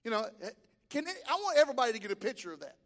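A male pastor preaching a sermon in a church, emphatic, with sudden rises and drops in pitch and volume. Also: very animated, rapid-fire, long reverb tail. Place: church sanctuary.

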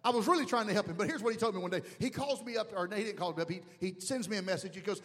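Pastor, man, high lively voice, humorous preaching that swells to shouts, in a reverberant hall. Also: rapid-fire, few pauses. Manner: animated, humorous, shouting at peaks. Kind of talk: sermon.

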